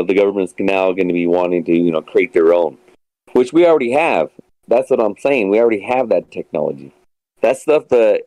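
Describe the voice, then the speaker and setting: A man's voice: fairly low pitch, darkish tone, no room sound. A man in casual podcast chat, rambling with lots of fillers and restarts, swearing casually. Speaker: guest. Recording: dull lo-fi sound.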